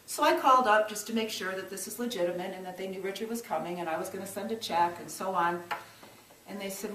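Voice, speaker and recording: A woman's voice: medium pitch, fast talker, fairly bright tone, slight background noise. A middle-aged woman working in church social service, telling a personal story in an earnest, reflective way, with frequent restarts and emphatic rises. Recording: roomy sound from a distance, faint ambience.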